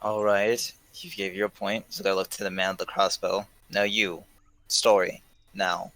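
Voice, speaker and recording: A man's voice: fairly low pitch, level tone, a little slow, a bit bright, no room sound, poor audio. A man playing a tabletop game, speaking curtly and taking charge of the scene. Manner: curt, commanding in character. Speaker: player. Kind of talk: tabletop role-play.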